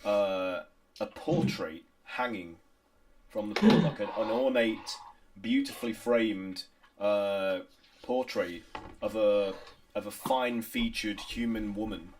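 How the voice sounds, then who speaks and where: A man narrating as game master, halting and improvised, with many restarts. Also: fairly low pitch, a little mellow, a little hiss or hum.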